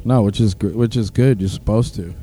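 A man co-hosting a casual podcast, talking in a relaxed, profane and hesitant way. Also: lowish voice, brisk, a little hiss or hum. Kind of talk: casual chat.

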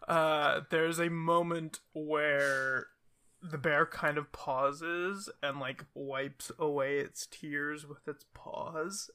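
A woman running a tabletop role-playing game, calmly describing the scene. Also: deep voice, slow pace. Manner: calm, descriptive storytelling with light laughs. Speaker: game master.

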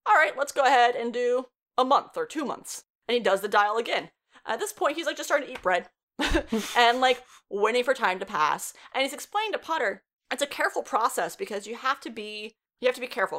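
A young woman in her twenties talks through a story's plot in loose, everyday chat. She swears without a second thought and breaks into laughs as she goes, at a middling pitch. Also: a bit bright. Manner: chatty, swears freely, laughs often. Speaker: show reviewer. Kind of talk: casual plot recap.

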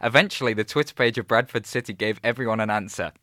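A man's voice: fairly low pitch, fast, pushed and bright, no echo. A man co-hosting a podcast, telling stories in a laid-back, chuckling way on a close mic. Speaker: podcast co-host. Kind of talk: casual chat, reading out stories.

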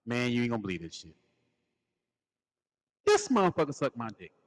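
A man with a lively, swooping voice, telling a story on a casual podcast and defending himself with a laugh. His voice rings out with a long reverb around it. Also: medium pitch, a little fast. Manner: animated, defensive, laughs a lot. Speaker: co-host.

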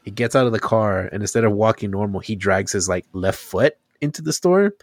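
Young man, casual chat, lively storyteller, dry close sound. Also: fairly low pitch, fairly quick, no room sound. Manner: animated storytelling, acts out quotes.

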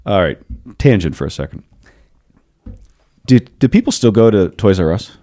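Male podcast host in his thirties, very deep voice, lively storyteller, casual chat. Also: moderate pace. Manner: storytelling, animated, laughs often. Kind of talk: casual philosophical discussion.

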